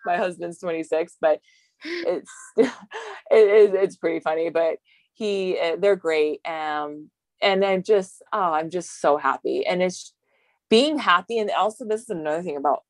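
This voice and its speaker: A woman's voice: fairly low pitch, animated, a little slow, no echo. A woman from Hawaii, a bodybuilding competitor, chatting as an interview guest, rambling and laughing, tired. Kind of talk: casual interview talk.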